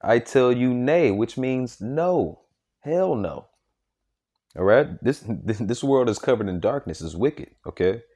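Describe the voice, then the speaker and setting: A man with a medium-pitched, dark-toned voice preaches informally and reads scripture, very animated but unhurried. He repeats himself emphatically, frequently restarts sentences and punctuates lines with "man" and "okay?".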